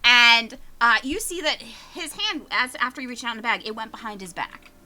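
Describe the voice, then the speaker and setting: Lively high-voiced woman game master. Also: normal speed. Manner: animated, giggly narration with many fillers. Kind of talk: narrating a tabletop game.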